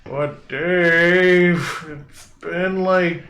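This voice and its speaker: A man's voice: high-pitched, steady tone, very slow, a bit bright, roomy sound, slight background noise, pitched above the performer's own voice, exaggerated voice. A man voicing John, a hungry, whiny male giant in a tabletop game, with a complaining manner.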